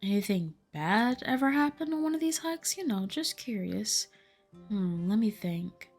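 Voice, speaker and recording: A woman's voice: mid-range voice, big pitch swings, a little slow, a little mellow, soft background music. A woman voicing a chipper, nosy young female cryptid hunter, reading a game aloud in an upbeat, breezy way.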